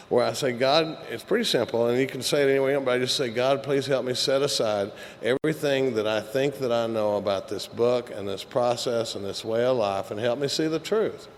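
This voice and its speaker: A middle-aged man giving a candid, joking, profane talk at a recovery meeting, rambling with many fillers. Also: mid-range voice. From Texas. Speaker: AA speaker. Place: meeting hall. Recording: echoey hall recording with faint hiss.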